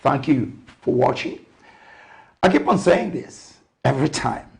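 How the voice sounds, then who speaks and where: An older man from Zambia hosts a television interview show. His voice is gravelly with a rough edge, and he takes his time, padding his questions with fillers. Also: mid-range voice, very animated. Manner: unhurried, warm sign-off phrases, frequent fillers. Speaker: TV talk show host.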